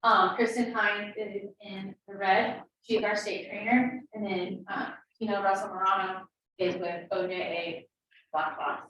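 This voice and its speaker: A woman's voice: mid-range voice, flat delivery, unhurried, a bit bright, highs cut off, a little hiss or hum. Woman, meeting host, casual announcements, distant mic, echoey room. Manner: casual, with frequent fillers. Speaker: meeting host, state program director.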